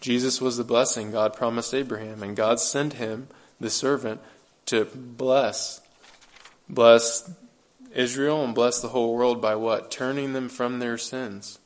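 A male preacher delivers a sermon in an earnest, emphatic way. He keeps asking rhetorical questions and repeats his key phrases. His voice sits at an ordinary middle pitch for a man. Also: fairly even intonation, unhurried, hardly any pauses.

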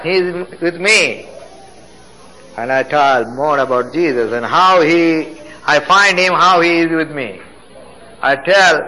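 A man with a Nepali accent gives his testimony in fervent, broken English. His voice is bright and fairly high, and he speaks very slowly and emphatically. A faint hiss from an old tape runs under him. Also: poor audio. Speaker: preacher giving testimony. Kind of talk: sermon testimony.

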